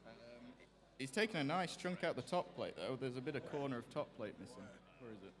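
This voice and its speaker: Casual, hesitant male competitor, mid-pitched voice, reverberant hall. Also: animated, brisk. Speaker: robot driver. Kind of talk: post-fight interview.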